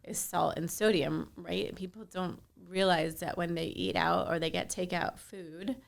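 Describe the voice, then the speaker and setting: A woman's voice: on the low side, fairly even intonation, unhurried, creaky. A woman cardiologist talking frankly in a podcast interview, often quoting her patients. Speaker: cardiologist guest. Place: South Florida.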